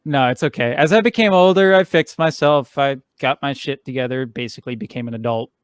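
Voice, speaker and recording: A young adult man chatting as a podcast guest, rambling and animated as he tells stories, with casual swearing. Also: medium pitch, a little fast, smooth, no room sound. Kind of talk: casual chat. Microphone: podcast microphone.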